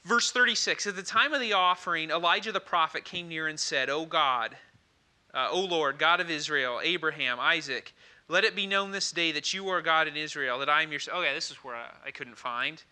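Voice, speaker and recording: Male pastor, bright and forceful, mid-sermon, lively storyteller who checks in with the room. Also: a little high, fairly quick. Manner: lively storytelling with frequent "okay?" asides.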